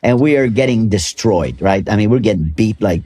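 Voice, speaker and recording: A man's voice: on the low side, lively intonation, normal speed, mellow, slightly rough. Older man telling rambling golf stories. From Canada. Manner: rambling, laughs often, many restarts. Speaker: golf club ambassador. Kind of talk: storytelling interview.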